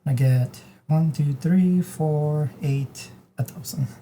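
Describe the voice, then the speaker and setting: A man with a very dark, mellow voice plays a board game with friends, talking his way through each move and counting out loud. A faint room hum sits behind him. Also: a little high, takes it slowly. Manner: talks himself through moves, counting aloud. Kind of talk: casual tabletop game play.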